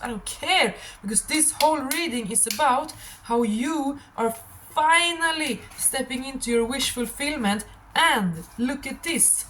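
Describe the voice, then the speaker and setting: A woman with a hoarse, tired throat giving a rambling, emphatic tarot reading to camera, repeating affirmations. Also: high-pitched, expressive, measured pace, fairly bright tone, slight background noise, poor audio. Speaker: tarot reader.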